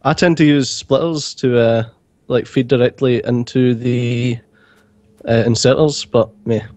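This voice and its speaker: A man with a medium voice makes hesitant, laid-back remarks during a multiplayer game. He pauses with small fillers as he speaks. The recording is dry and close, with no room sound. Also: mid-range voice, fairly even intonation, darkish tone, dry recording. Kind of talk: casual gaming chat.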